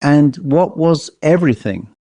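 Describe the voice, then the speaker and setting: A man reading a classic ghost story aloud in a measured, even narration. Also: on the high side, no room sound. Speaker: audiobook narrator.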